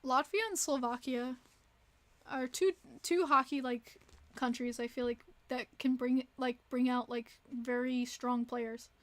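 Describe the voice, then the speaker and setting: A woman hosting a casual livestream, chatting and reacting to viewer messages with quick exclamations. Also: high voice, fairly even intonation. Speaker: livestream host.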